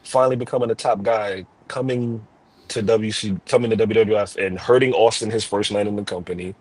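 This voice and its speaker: A man's voice: on the low side, fairly even intonation, brisk, darkish tone, breathy edge, dry recording, rough recording. A man co-hosting a casual wrestling talk show, telling stories and laughing often. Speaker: podcast co-host.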